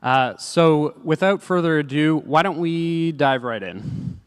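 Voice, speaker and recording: A man game developer introducing a reveal on a live panel, relaxed and friendly. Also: a little high, slow pace, noisy background.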